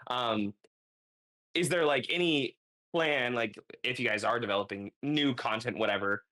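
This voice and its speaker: A man's voice: medium pitch, moderate pace, pushed and bright. A man asking the panel a long question, rambling with lots of fillers. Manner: rambling with many likes. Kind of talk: casual question.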